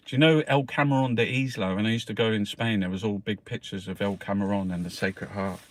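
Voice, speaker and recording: A man's voice: on the low side, moderate pace, a little hiss or hum. A man ranting scornfully through a newspaper review, swearing constantly. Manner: sweary, scornful, animated rant. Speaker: political vlogger.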